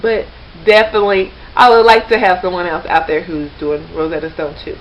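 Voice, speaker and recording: Her fairly low voice comes out flat and a little fast as she rambles casually to camera, restarting often and leaning on fillers. She's a language learner vlogging, recorded on a slightly dull lo-fi webcam with faint background noise.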